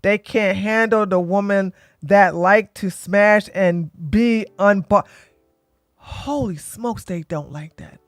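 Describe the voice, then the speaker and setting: A woman's voice: mid-range voice, slow pace, dry recording. Woman host in her 40s, blunt and joking, mid-range voice, close dry mic. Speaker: livestream host. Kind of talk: casual commentary and storytelling.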